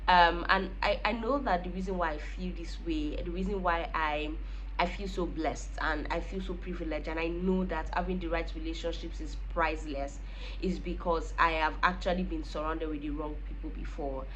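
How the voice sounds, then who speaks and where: A woman's voice: low-pitched, fairly even intonation, moderate pace, a little hiss or hum. A young woman talking to camera in a casual, reflective vlog, earnest and heartfelt. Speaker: vlogger.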